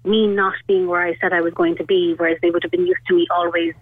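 A woman's voice: fairly low pitch, level tone, fast talker, husky, no echo. An Irish woman in her thirties rambles through a personal story, her talk full of little fillers. Her voice comes down a tinny, narrow phone line. The sound is dry and close. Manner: chatty and rambling, full of "like" and "you know". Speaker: radio caller. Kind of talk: telling a personal story on a call-in show.

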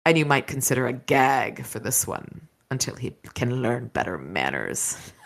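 A woman voicing a haughty ancient dragon man, lordly, low voice, audiobook style. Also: very animated, a little slow, vocal fry, full character voice. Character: haughty ancient male dragon in human guise.

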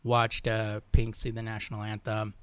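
A man co-hosting a podcast, chatting casually in a relaxed way. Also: on the low side, normal speed, clean tone, no echo. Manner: relaxed, laughs often, short agreeing replies. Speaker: podcast co-host. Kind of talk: casual chat.

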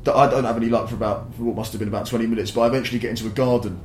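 A man's voice: medium pitch, steady tone, racing, a little mellow, slight background noise. A young man, telling a rambling, sweary story as a podcast guest. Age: young adult. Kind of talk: casual storytelling. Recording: roomy echo.

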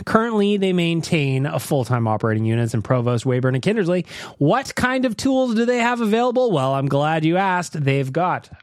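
A man's voice: a little high, very animated, moderate pace, no echo, studio quality. A man from North America hosting a podcast, joking and theatrical. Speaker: podcast host. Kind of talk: casual podcast chat.

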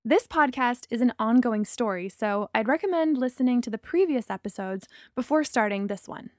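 A young woman reading a first-person story in a reflective, measured way. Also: fairly high pitch, animated, darkish tone, dry recording, studio quality. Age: young adult. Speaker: narrator.

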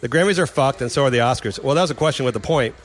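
A man hosting a casual chat at a rapid clip, opinionated and quick to laugh. His voice sits at a middle pitch. There is a faint hum of noise behind him. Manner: fast, opinionated, laughs often.

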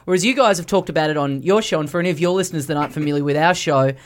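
An Australian podcast co-host in casual banter, firing off quick joking comebacks. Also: mid-range voice.

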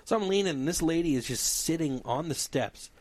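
Lively man hosting a casual podcast. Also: a little high, fairly quick. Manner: animated, laughing storyteller. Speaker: podcast host. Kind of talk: casual storytelling chat.

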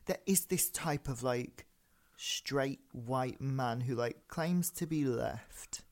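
Chatty podcast co-host. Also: male voice, medium pitch. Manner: chatty, emphatic, quick to react. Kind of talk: casual chat.

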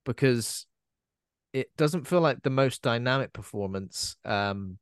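A man talks casually about horror films, rambling a little and laughing along. His voice sits in a middle pitch and is recorded close and dry, with no room sound around it. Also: animated, clear, resonant tone, no room sound. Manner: chatty, rambling, quick to laugh. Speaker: podcast co-host. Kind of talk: casual film chat.

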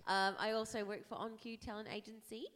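A woman's voice: a little high, level tone, normal speed, a bit bright. A woman co-hosting a podcast, chatting in a bubbly, rambling way. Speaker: podcast co-host. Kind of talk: casual chat.

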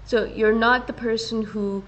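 A woman hosting a solo podcast, talking in a casual and earnest way and often slowing down to stress her point. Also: fairly high pitch, fairly even intonation, a little hiss or hum, poor audio. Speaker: podcast host.

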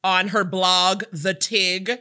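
A woman co-hosting a podcast, expressive and playful in casual chat. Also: fairly low pitch, slow pace, clean tone. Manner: expressive, playful, lots of fillers. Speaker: podcast co-host.

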